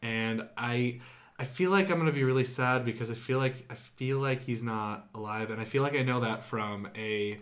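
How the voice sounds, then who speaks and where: A man's voice: medium pitch, moderate pace, a bit bright. A man co-hosting a casual podcast, joking around and bantering playfully. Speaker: podcast co-host.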